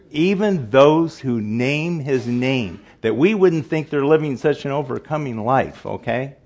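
An older man giving an informal Bible teaching, repeating his points for emphasis and often restarting his sentences. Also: medium pitch.

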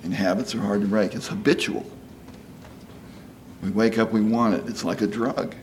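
A man's voice: fairly low pitch, fairly even intonation, moderate pace, darkish tone, a little hiss or hum. A man in his sixties giving a conversational sermon, folksy and chatty, often asking "you know?" and acting out quoted voices. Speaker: preacher.

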